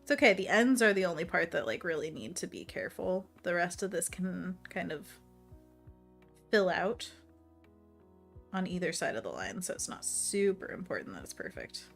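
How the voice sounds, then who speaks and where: A woman's voice: on the low side, sing-song, moderate pace, vocal fry, soft background music. A woman hosting a painting livestream, chatting casually, reading viewer messages aloud and laughing often while she works. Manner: talks to herself while working. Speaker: livestream host painting envelopes.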